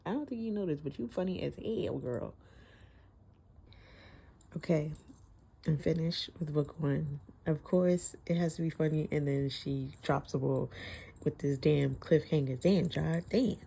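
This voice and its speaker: Woman, casual book review vlog, lots of laughter, low husky voice, mellow tone. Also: unhurried. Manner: laughs often, candid and profane. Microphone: phone.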